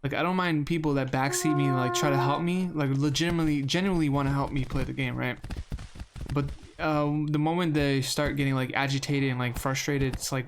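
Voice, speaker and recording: A man's voice: a little high, a little fast, noisy background. Chatty young man streaming a game. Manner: chatty, rambling, reacts loudly with sudden yelps. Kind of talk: casual gameplay commentary. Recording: game music playing behind.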